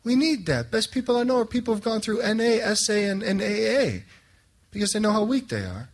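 A man's voice: high-pitched, brisk. A young man, a Catholic priest, giving a sermon full of jokes and stories, acting out the voices of the people in them. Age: young adult. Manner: animated, joking, acts out voices in his stories. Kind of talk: storytelling sermon.

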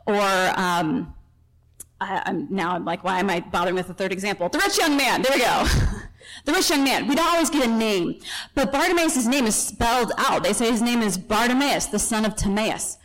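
A woman's voice: mid-range voice, normal speed, a bit bright, poor audio. A woman teaching a Bible passage in a chatty, storytelling way, correcting herself in passing and acting out the people in the story. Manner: chatty asides and self-corrections.

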